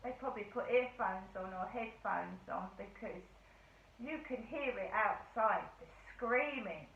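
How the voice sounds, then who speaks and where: A woman's voice: mid-range voice, a little slow, gravelly, a bit bright, recorded from a distance, a little hiss or hum. A woman rambling through an indignant casual monologue as a vlogger. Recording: tinny phone-like, roomy echo.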